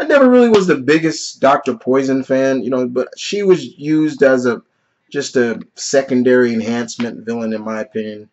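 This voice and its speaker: A man in his thirties talks through a film in a casual vlog review, sincere and emotional. He rambles a little, leaning on "you know" and "like". His medium-pitched voice comes through a somewhat muffled, lo-fi recording. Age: 30s. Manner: earnest and openly emotional, peppered with "you know" and "like". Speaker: movie reviewer.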